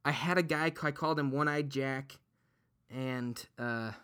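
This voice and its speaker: Brief: podcast guest, man, earnest, trips over his words, bright voice. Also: mid-range voice, a little slow, clean tone. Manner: earnest, restarts and repeats words often. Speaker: podcast guest and dungeon master. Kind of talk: casual podcast chat.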